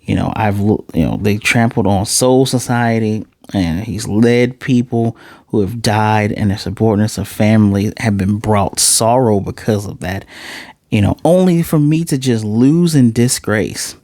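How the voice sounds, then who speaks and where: A man giving a casual, animated recap of an anime episode, swearing freely and restarting his phrases as he goes. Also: on the low side, a little slow, dry recording, studio quality. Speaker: anime reviewer.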